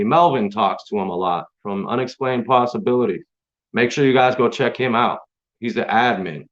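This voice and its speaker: A man hosting his own stream, delivering an angry, profane, confrontational rant straight at his critics. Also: medium pitch. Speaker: online stream host. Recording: dull lo-fi sound.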